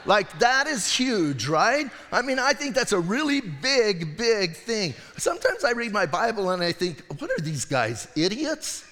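A middle-aged male pastor tells a story from the pulpit in a relaxed, conversational manner, slipping into little voices along the way. His voice sits somewhat high for a man. A long reverb from the church hall trails every phrase. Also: measured pace, hardly any pauses. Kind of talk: sermon.

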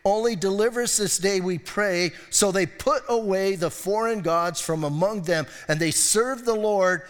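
A man with a high voice preaches a sermon in a reverberant church hall. He reads scripture with animated emphasis, then drops to quiet, hushed asides. The room's long echo trails behind his words. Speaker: pastor.

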